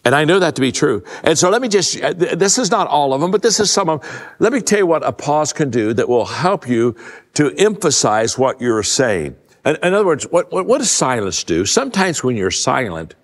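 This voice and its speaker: An older man giving a conversational leadership talk to a live audience, a folksy storyteller who restarts his sentences often and drops his voice low to stress a point. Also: very animated, brisk. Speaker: leadership speaker. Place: large event hall. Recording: long hall reverb.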